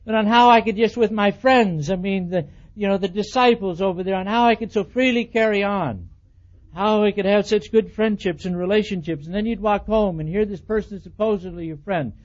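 A man with a high voice preaches a sermon, telling animated personal stories and acting out both sides of the dialogue. The recording is dull and lo-fi. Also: fairly quick. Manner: animated storytelling, acts out quoted dialogue, chuckles at himself.

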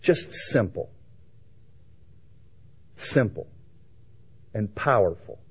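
A man preaching a sermon, swinging between loud emphatic lines and hushed quiet ones. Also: on the low side, lively intonation, extremely slow, husky. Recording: dull lo-fi recording.

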